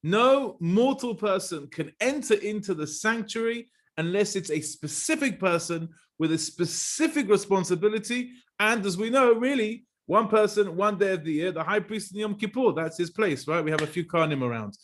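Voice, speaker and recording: A middle-aged man, a rabbi, teaching a Torah class in an animated storytelling manner. He mixes Hebrew terms into his English and laughs at his own anecdotes. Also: high voice, normal speed, few pauses.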